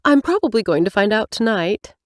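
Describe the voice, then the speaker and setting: A woman narrator voicing a quick-tempered, proud young woman in a brighter, higher tone. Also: big pitch swings, no room sound, studio quality, close to an everyday voice. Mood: cheerful. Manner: higher, brighter reading with snappy retorts.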